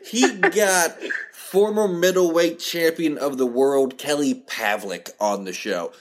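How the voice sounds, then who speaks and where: A man's voice: fairly high pitch, slow. A man hosting a podcast in casual chat, laid-back, with stammered restarts and laughter as he tells stories. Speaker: podcast host.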